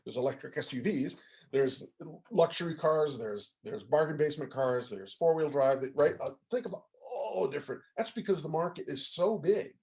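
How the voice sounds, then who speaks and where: A man's voice: mid-range voice, darkish tone. A man, a music professor, giving a casual lecture over a video call, often asking "right?" and "okay?" to check in with listeners. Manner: conversational, asks the audience to confirm with frequent "right?" and "okay?".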